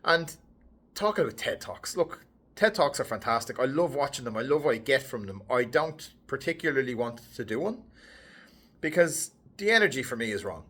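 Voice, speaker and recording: Animated man telling a story. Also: normal speed, husky. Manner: animated, lively, pitch swinging up and down. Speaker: headshot photographer and vlogger. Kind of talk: casual to-camera storytelling.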